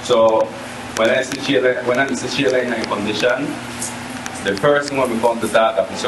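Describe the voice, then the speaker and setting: A man's voice: medium pitch, fairly even intonation, normal speed. Man, rambling testimony, repetitive, echoey room, background noise. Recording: echoey, noisy recording.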